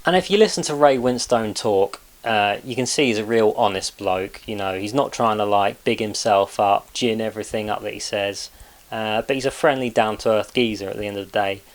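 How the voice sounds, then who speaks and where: A man's voice: fairly low pitch, moderate pace. A man hosting a casual video, chatting loosely with frequent fillers and swearing. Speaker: video host. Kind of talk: casual narrated video commentary.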